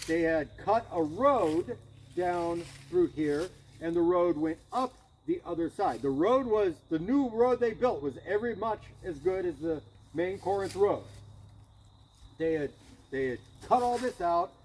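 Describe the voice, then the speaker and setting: High-voiced man guiding an outdoor tour. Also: lively intonation, unhurried, darkish tone, poor audio. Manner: casual, chuckling storyteller, many restarts. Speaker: battlefield tour guide. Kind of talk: outdoor guided tour talk. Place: outdoors at a historic battlefield.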